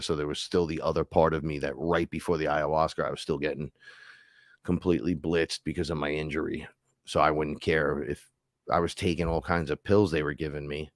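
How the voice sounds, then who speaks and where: A man's voice: low-pitched, dry recording, studio quality. A man hosting a live stream, telling a rambling, profane story in casual chat. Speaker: host.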